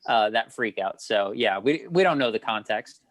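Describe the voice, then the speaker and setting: A man's voice: on the low side, animated, moderate pace, a bit bright, dry recording, low-quality recording. A man co-hosting a casual podcast chat, telling stories in a rambling way and correcting himself as he goes. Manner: rambling, self-correcting, storytelling. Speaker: podcast co-host.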